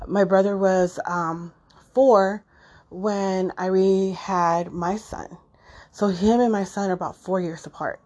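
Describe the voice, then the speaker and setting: A middle-aged woman speaks in a husky, mellow voice, halting and restarting as she talks off the cuff. She sounds choked up and close to tears. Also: mid-range voice, fairly even intonation. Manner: halting, emotional, many fillers and restarts. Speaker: podcast host. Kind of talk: unscripted personal monologue.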